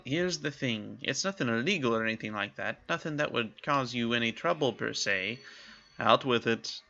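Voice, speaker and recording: A man doing a gruff wine-loving companion. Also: medium pitch, pushed and bright, muffled recording, voice pushed up. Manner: wheedling, gruff. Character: boozy, grumbling male traveling companion.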